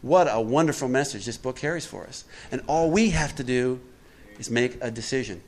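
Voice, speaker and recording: A man's voice: mid-range voice, moderate pace. A middle-aged man giving a twelve-step recovery talk to a group, conversational and emphatic, often putting questions to his listeners.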